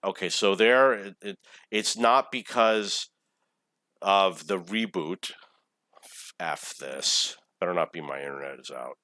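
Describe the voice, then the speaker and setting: His low, pushed, bright voice moves slowly as this man in his forties narrates his gameplay replay. The commentary is casual and meandering, peppered with profanity because he is quick to get irritated. There's no echo on the audio.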